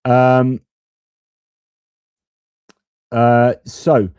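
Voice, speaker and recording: A man's voice: mid-range voice, monotone, very slow, darkish tone, clear, resonant tone, no echo. A man hosting a live-stream commentary, reading out viewer comments and giving rambling, opinionated, self-correcting takes. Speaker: host of a live-stream geopolitics channel.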